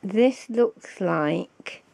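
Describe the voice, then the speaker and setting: A woman, slow and fond, showing off a handmade craft gift on her vlog and gasping with delight. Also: medium pitch, lively intonation, creaky, warm tone. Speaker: crafting vlogger. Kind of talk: casual show-and-tell of a craft gift.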